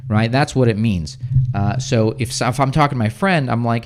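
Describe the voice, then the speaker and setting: A man's voice: mid-range voice, lively intonation, darkish tone. Chatty American man teaching English. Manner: chatty, reads viewer questions, explains slowly with many "right?" checks. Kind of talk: casual livestream lesson. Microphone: streaming setup.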